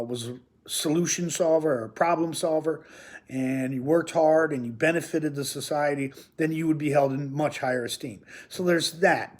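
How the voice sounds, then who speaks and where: Chatty man teaching from home. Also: fairly high pitch. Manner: rambling and chatty, with joking asides. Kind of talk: informal recorded lesson. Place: at home near his kitchen.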